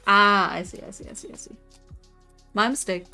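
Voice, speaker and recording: Faint background music accompanies a young woman who livestreams herself drawing and chats casually with viewers. Her mid-range voice comes out at a normal speed, sounding pushed and bright, and she's chatty and giggly, laughing frequently and often restarting.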